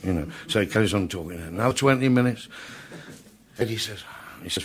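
A man's voice: fairly low pitch, fast talker. An older man, an entertainer, telling comic backstage anecdotes in a chatty way, full of "you know" asides. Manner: chatty, peppered with "you know", laughs at his own tales.

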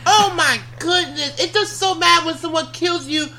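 High, bright-voiced woman ranting. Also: moderate pace. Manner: heated, ranting, loud when riled. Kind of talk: casual chat.

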